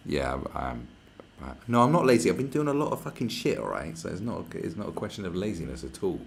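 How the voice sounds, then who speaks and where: Very deep male streamer, casual, sweary, rambling. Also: very animated, fast, vocal fry, a little hiss or hum. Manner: rambling, profane, chatty. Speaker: live streamer. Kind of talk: casual livestream chat. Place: where he is staying, not his home.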